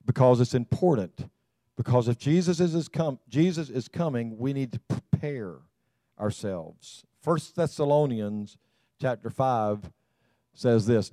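A man's voice: mid-range voice, a little slow, warm tone, dry recording. A man preaching a sermon as a pastor, folksy and emphatic.

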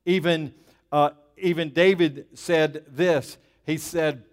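A man's voice: a little high, steady tone, measured pace. A man preaching a sermon, emphatic and plainspoken, dropping asides to the congregation. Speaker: pastor.

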